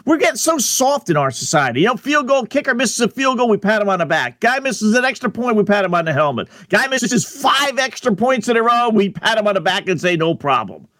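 A man's voice: high-pitched, very animated, fairly quick, a bit bright, dry recording, studio quality. A man hosting a sports radio show, talking bluntly and emphatically, with lots of fillers and repeated words. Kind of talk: opinionated radio talk.

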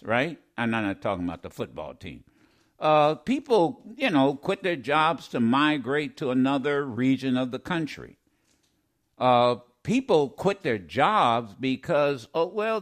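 A middle-aged man hosting a call-in radio talk show, his voice slightly hoarse, talking in an emphatic, rambling way with repeated phrases. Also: medium pitch.

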